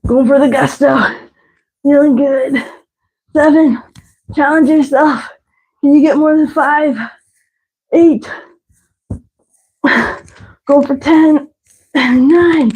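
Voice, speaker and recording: A woman fitness instructor counts reps and cues stretches during a live workout, breathy and winded between cues. Her high voice is warm and steady in tone, slow-paced with long pauses, captured on a rough recording.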